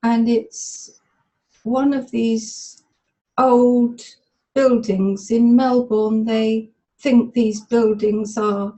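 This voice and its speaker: A woman volunteering in a therapy demonstration, tearfully recalling a memory aloud in the present tense with halting, stop-start phrasing over webinar call audio. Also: on the high side, fairly even intonation, mellow, rough recording. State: tearful, emotional.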